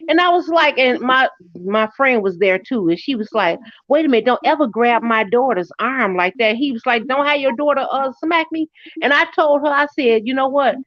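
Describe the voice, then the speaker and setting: A middle-aged woman chatting casually and telling a family story, her pitch jumping when she quotes people. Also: lively intonation, normal speed, dry recording. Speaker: co-host. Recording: dry, muffled lo-fi audio.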